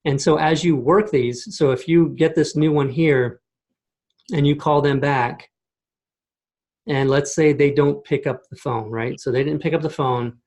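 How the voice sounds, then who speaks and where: A man giving a casual screen-share walkthrough of software on a video call, explaining step by step and checking in with "okay?" and "right?". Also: a little high, fairly even intonation, unhurried. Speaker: software demo host. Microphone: computer mic on a video call.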